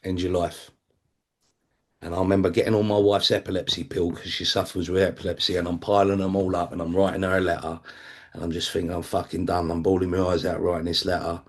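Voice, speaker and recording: A man's voice: deep voice, level tone, fast. A man speaking at a recovery meeting, sharing his personal testimony in a blunt, conversational way, swearing freely and acting out other people's voices.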